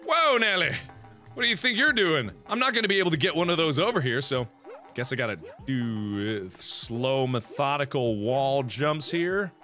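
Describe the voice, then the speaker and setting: Loud, cursing man playing games. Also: a little high, expressive, moderate pace, soft background music. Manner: exclamatory, swearing, self-mocking. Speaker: gaming video host. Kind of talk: loud gaming commentary.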